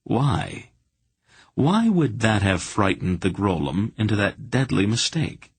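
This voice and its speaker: A man narrating a fantasy audiobook in a steady, measured storytelling manner. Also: fairly low pitch, breathy edge, no room sound.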